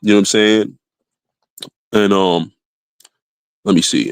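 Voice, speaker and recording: Laid-back lower-voiced American man streaming. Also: slow, smooth, no echo. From United States. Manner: laid-back, rambling, lots of "you know what I'm saying". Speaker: stream host. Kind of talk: casual chat.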